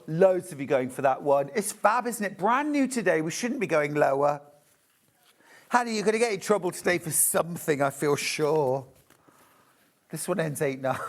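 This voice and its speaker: A man presenting a live shopping channel show, chatty and gushing as he demonstrates fabrics. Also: a little high. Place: TV shopping studio.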